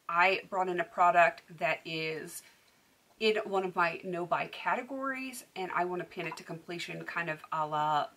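A woman's voice: lowish voice, creaky, sharp tone. A woman beauty vlogger chatting casually to camera, talkative, with frequent laughs and filler words.

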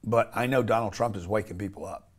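A man's voice: fairly low pitch, quick pace. Blunt, emphatic man talking in an interview. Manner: emphatic and blunt, with frequent restarts and casual swearing. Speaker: interview guest. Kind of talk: casual interview talk.

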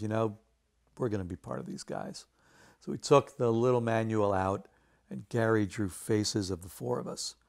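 Guy telling an old game dev story, fairly low voice, does little voices for the people in it. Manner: animated anecdote telling with quoted voices. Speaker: video game artist. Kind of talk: casual storytelling interview.

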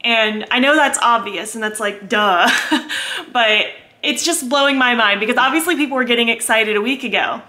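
Giddy, bright-voiced woman vlogger. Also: fairly high pitch, moderate pace. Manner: giddy, excitable, squealing and laughing often. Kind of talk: casual vlog chat. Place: at home, indoors.

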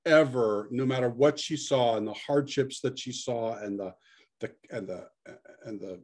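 A man's voice: medium pitch, a little mellow. A man, a rabbi, interviewing a guest at a synagogue, conversational and affirming, echoing her points back. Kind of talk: casual interview.

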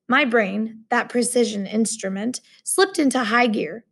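A woman's voice: fairly high pitch, moderate pace, few pauses, fairly bright tone. A woman English teacher reading a short story aloud and then explaining it to her class in a casual way.

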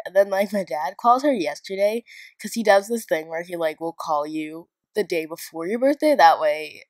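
A woman's voice: lowish voice, a little mellow, no room sound. A young woman giving a casual narrated tour of a game build, rambling and chatty, often joking at her own expense. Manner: rambling, chatty and self-mocking. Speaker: video game builder and YouTuber.

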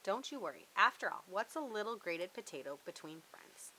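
A fussing, kindly old Jewish neighbor lady from a children's storybook, with warm Yiddish-flavored exclamations, as a woman reading aloud puts her on. Her voice sits bright and clear. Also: mid-range voice, big pitch swings, moderate pace, slight background noise, poor audio. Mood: reassuring.

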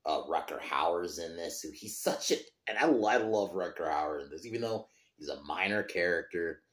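A man's voice: deep voice, expressive, normal speed, fairly bright tone, roomy sound. A man hosting a podcast, chatting casually about a film, rambling with loose swearing and trailing restarts. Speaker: podcast host. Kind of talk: casual film review chat.

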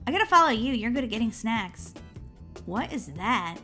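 A woman hosting a gaming channel, chatting excitedly through a video game and squealing when she is chased. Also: a little high, moderate pace, soft background music. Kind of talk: playing a video game with commentary.

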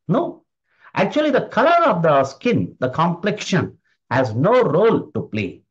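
A man giving an emphatic motivational talk, repeating his key phrases. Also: fairly high pitch. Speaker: motivational speaker. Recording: dull lo-fi recording.

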